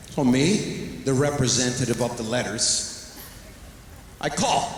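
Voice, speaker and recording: A man's voice: mid-range voice, animated, takes it slowly, pauses often, slight background noise. A man doing stand-up storytelling on an arena stage, animatedly acting out both sides of conversations. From Canada. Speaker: stand-up comedian. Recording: echoey arena with long reverb.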